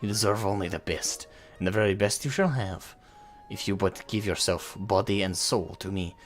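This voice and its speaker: A man voicing a creepy, possessive noble lord in a game, speaking low, hushed and menacing. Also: normal speed, soft background music, close to an everyday voice. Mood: leering.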